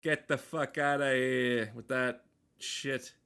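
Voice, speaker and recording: A man doing an exaggerated, profane impression of a brash New York guy, loud and dismissive. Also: medium pitch, expressive, moderate pace, lightly acted. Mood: mocking.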